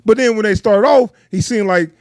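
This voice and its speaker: A man hosting a casual trailer reaction chat, laughing often, swearing and animated. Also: sits high, a little fast, dry recording, clean studio sound. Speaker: host.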